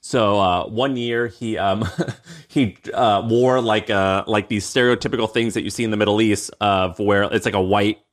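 Low-voiced man, slangy casual chat. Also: fairly even intonation, moderate pace. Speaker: podcast co-host.

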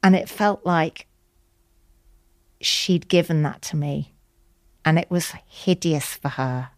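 A woman with a low voice tells a tender, candid story as an interview guest. She is chatty and acts out quoted lines, sometimes dropping into whispers. The recording is close and dry. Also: slow pace, no room sound. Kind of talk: emotional personal storytelling.

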